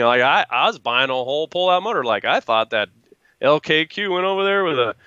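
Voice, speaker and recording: A man's voice: fairly high pitch, expressive, brisk, bright, forceful tone, smooth, no echo, highs cut off. A man chatting casually as a guest, rambling through stories and acting out what people said. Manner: rambling storyteller acting out quotes. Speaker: guest truck builder. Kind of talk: casual chat.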